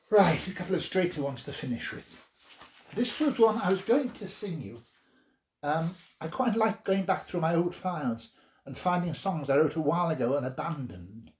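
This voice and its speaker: A man's voice: on the high side, a little mellow. A man, a singer-songwriter at home, chatting casually and self-deprecatingly between songs and reading his own verse aloud. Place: at home during lockdown. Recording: roomy echo.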